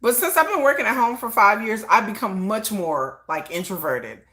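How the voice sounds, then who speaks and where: A woman's voice: mid-range voice, moderate pace. A woman hosting a casual livestream, telling stories with lots of laughter and acted-out quotes. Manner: animated storytelling, acts out quotes, laughs often; self-described shy introvert. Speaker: livestream host. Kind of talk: casual chat.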